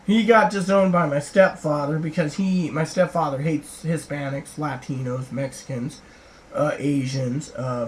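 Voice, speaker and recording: A woman's voice: deep voice, poor audio. A middle-aged woman vlogging a long, rambling reply to viewer comments, retelling conversations and acting out other people's lines. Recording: faint background hiss.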